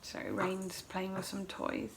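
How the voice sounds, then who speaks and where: A woman's voice: mid-range voice, monotone, slow, creaky, a little hiss or hum. A middle-aged woman at home, telling a personal story in a casual, emotional, rambling way and acting out her own quotes. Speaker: vlogger.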